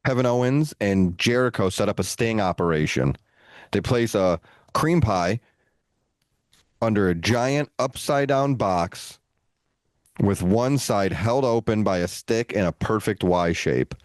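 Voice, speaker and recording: A man co-hosting a podcast, telling a story in a relaxed, animated way with playful asides. His voice sits low, and the recording is dry and close. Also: a little slow, dry recording. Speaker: podcast co-host. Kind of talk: casual storytelling.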